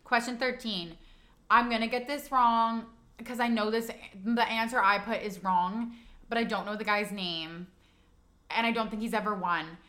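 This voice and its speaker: A woman's voice: on the high side, steady tone, moderate pace, bright, forceful tone. A young woman co-hosting a podcast, reading out questions and chatting casually with many fillers, talking to listeners as "you guys". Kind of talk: casual chat.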